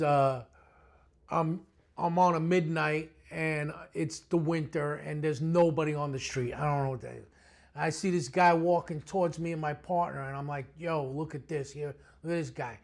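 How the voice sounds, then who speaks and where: A streetwise older man recounts his police days in an interview. His voice sits fairly high and carries a gravelly edge. He talks bluntly, with plenty of swagger. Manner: streetwise, blunt, animated storyteller. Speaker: retired police detective. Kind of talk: storytelling interview.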